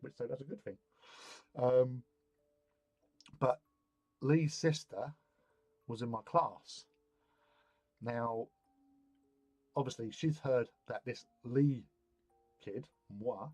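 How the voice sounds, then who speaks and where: A man's voice: mid-range voice, darkish tone, slightly rough, no echo. Man rambling through a story. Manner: rambling, anecdotal, loose colloquial speech. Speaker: hobby stream host. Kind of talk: casual storytelling chat.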